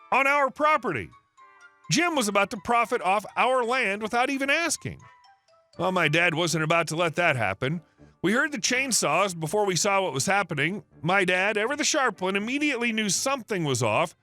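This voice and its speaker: A man's voice: high voice, bright, forceful tone. A man reading online stories aloud as the narrator of a channel, with a snarky, mocking delivery. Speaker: story narrator.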